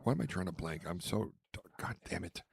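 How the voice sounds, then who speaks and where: A man's voice: sits low, animated, a little fast, gravelly, slight background noise. A man hosting a podcast, telling rambling stories in casual chat. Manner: rambling storyteller, name-dropping, acts out quotes. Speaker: podcast host.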